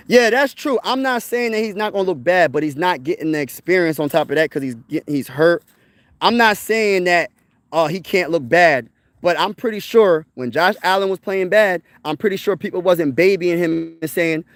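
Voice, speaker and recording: A man's voice: high-pitched, lively intonation, moderate pace, a bit bright, no echo. Fired-up young man ranting casually. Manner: emphatic, rambling, peppered with "bro" and "man". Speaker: sports channel host. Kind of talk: casual sports chat to viewers.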